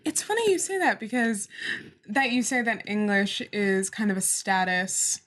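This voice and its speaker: A woman's voice: mid-range voice, normal speed, a bit bright, slight background noise. Questioning woman co-host in casual chat. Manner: questioning, corrects points. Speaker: podcast co-host.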